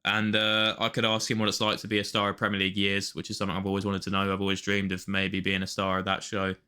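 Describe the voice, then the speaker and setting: Bright-voiced young man chatting. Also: low voice, monotone, fast, clean tone. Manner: chatty, enthusiastic, laughs easily. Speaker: podcast co-host. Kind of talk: casual chat.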